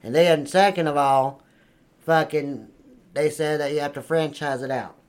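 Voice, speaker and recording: A man's voice: fairly high pitch, normal speed, clear, resonant tone, natural voice. An actor playing a crude, boastful trailer park man who rambles and swears constantly in an improvised comedy sketch. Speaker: comedy character.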